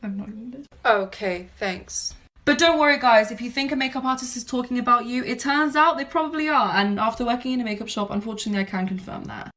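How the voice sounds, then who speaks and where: A woman's voice: on the high side, fast talker, few pauses, a bit bright, far from the mic. A woman makeup artist telling a casual storytime, playful and acting out dialogue.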